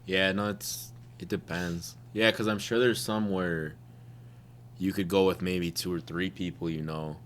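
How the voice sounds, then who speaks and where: A man co-hosting a podcast in relaxed casual chat, laughing and mimicking people as he talks. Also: sits low, measured pace, a little hiss or hum. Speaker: podcast co-host.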